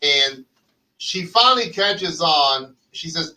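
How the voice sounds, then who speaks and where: A man hosting a casual talk show, telling stories in an animated way and swearing freely as he acts out quotes. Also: on the high side, slow pace. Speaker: podcast host. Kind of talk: casual storytelling chat. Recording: distant mic with faint noise.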